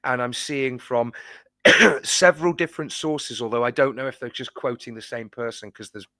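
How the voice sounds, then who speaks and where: A man talking as a guest on a casual live-stream football chat, animated and wry, jumping into quick tangents and swearing bluntly. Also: mid-range voice, dry recording, studio quality.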